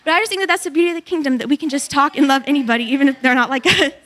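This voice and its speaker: Rapid-fire and high-voiced, a woman in her twenties describes her mission trip in a church testimony. She brings the story to life by acting out what others said.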